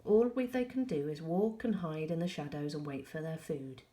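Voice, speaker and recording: A woman reading aloud, voicing a serious young girl who gives firm, hushed instructions. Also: low-pitched, moderate pace, close to an everyday voice. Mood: earnest.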